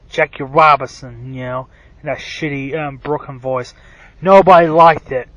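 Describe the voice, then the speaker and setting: A man's voice: a little high, a bit bright, no echo, lo-fi sound. A man ranting in a rambling, profane monologue, full of fillers and restarts, who says his own voice is bad. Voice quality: self-described bad voice. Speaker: wrestling commentary vlogger.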